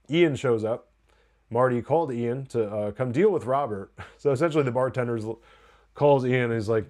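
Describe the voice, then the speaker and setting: Male TV review host, casual and excitable, swears freely, fills with "um" and "like". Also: medium pitch. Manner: excited, loose and profane, with many fillers. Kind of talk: casual live TV episode review.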